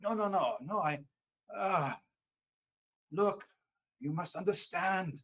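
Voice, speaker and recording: A man's voice: high-pitched, slow, bright, forceful tone, muffled recording, voice pushed up, exaggerated voice. A man voicing a rescued captive with a French Canadian accent, pleading, then muttering in whispers.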